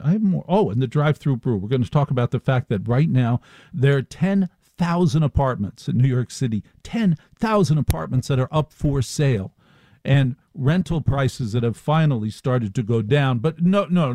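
A man's voice: mid-range voice, expressive, moderate pace, dark tone, dry recording. A male radio talk show host riffing sardonically through a live monologue. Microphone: studio microphone.

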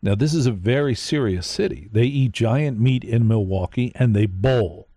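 A man's voice: medium pitch, moderate pace, mellow, no room sound, studio quality. A man hosting a live late-night radio show, telling a rambling story and speaking straight to his listeners.

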